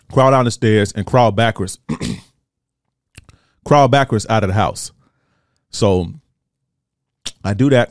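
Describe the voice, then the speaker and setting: A man telling a story on his podcast in animated, profane casual style, acting out what people said. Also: on the low side, dry recording, studio quality. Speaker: podcast host.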